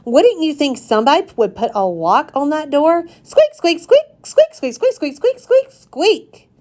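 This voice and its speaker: A tiny male classroom hamster, bursting with excitement and squeaking high and fast, as a woman reading aloud puts him on. He leaps all over his range in a storybook read-aloud. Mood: excited.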